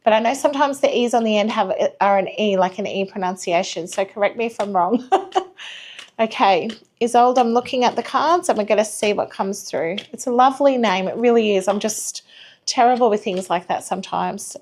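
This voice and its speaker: A woman giving a live tarot reading, reassuring, apologetic and gently chatty. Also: mid-range voice, brisk. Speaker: tarot reader.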